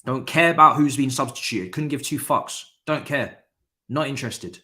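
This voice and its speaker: A man's voice: medium pitch, animated, normal speed, sharp tone. A man with hosting a live football watchalong, angry and swearing in a repetitive rant.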